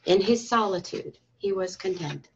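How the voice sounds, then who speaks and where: A woman reading a storybook aloud to school children and parents, in a calm, expressive storytelling manner. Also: medium pitch, normal speed, vocal fry. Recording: dull lo-fi recording.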